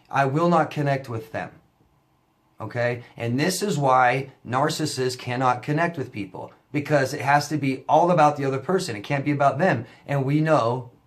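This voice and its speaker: A man, a relationship coach, talking casually to camera, telling a story with lots of fillers and restarts before turning to advice. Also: medium pitch.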